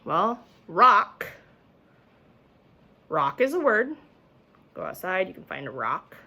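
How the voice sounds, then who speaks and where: A woman's voice: on the low side, very animated, slow pace, bright, forceful tone, husky. A young woman teaching a remote phonics lesson to young children, patiently sounding out words, recorded on a camera mic at home.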